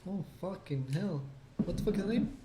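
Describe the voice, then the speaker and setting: A man with a somewhat high voice tells stories on a casual podcast, cursing constantly and playing every part himself. His sound rings around an echoey room. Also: moderate pace, heavy background noise. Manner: profane, animated storyteller acting out quotes. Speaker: podcast co-host. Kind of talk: casual drunk podcast chat.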